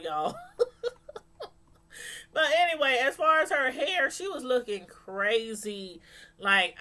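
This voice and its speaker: Slow-talking woman reviewing a show. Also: medium pitch, sharp tone. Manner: laughs often, talks straight to the chat. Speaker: show reviewer on a live stream. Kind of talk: casual live review chat with viewers.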